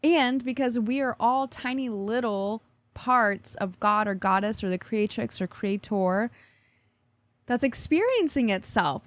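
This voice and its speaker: A woman's voice: fairly high pitch, no room sound. A woman hosting a weekly astrology forecast in a bubbly, chatty way, often laughing. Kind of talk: casual spoken forecast.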